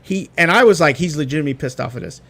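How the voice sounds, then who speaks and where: Animated man telling a story. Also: fairly high pitch, racing. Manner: animated storyteller, acts out quotes. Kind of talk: casual chat, storytelling.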